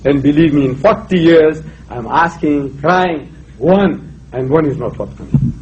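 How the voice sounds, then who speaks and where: Older man lecturing with rhetorical emphasis, fairly high voice, dull lo-fi recording. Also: unhurried, a little mellow, a little hiss or hum. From South Africa. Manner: emphatic, rhetorical, quotes scripture. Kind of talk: public lecture on religion. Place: university lecture hall.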